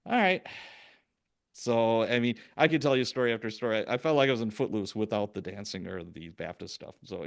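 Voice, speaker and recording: A man in his sixties from Chicago, hosting a podcast and telling lively anecdotes with acted-out quotes. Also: on the low side, creaky. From Chicago, USA. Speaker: podcast host. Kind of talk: casual storytelling interview.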